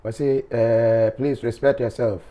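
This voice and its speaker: Man, show host, reads viewer comments, teasing, laughs a lot, middle pitch. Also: steady tone, a little slow, warm tone. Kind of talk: reading viewer comments aloud.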